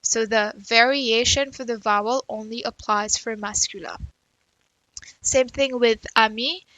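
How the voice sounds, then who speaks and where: A woman's voice: a little high, steady tone, measured pace, a bit bright, no echo, poor audio. A woman teaching a French grammar lesson in English, explaining step by step and checking in with "right?" and "okay". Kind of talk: recorded grammar lecture.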